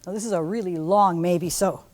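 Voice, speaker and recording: A woman teaching a music theory lecture to a class in a lively way, often humming or singing examples. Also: lowish voice, normal speed, long reverb tail. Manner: lively, hums and sings examples. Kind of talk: university lecture.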